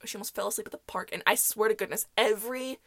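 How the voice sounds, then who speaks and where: A woman's voice: mid-range voice, racing, a bit bright, dry recording. A young woman hosting a podcast, telling stories in a chatty, rambling way, full of fillers and laughing often. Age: young adult. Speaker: podcast host. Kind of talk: casual solo storytelling.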